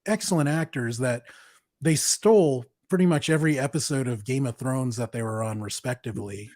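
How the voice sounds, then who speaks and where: A man's voice: medium pitch, a little fast, a little mellow, dry recording, studio quality. A man co-hosting a podcast, chatting casually as an enthusiastic fan who laughs easily. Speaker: podcast co-host. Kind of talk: casual chat.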